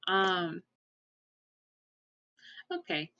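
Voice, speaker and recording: A woman's voice: fairly low pitch, a little slow, fairly bright tone, a little hiss or hum. Hesitant woman narrating a tabletop game. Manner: hesitant, many fillers. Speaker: tabletop player. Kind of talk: casual role-play narration. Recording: dull lo-fi dry audio.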